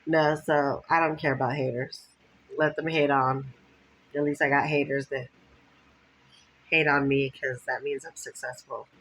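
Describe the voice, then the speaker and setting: Husky-voiced chatty woman vlogger. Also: extremely low pitch, flat delivery, unhurried, long pauses, fairly bright tone, low-quality recording. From Los Angeles County. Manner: chatty, laughs often, quotes others in mock voices. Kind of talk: casual rambling monologue. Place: lying down at home.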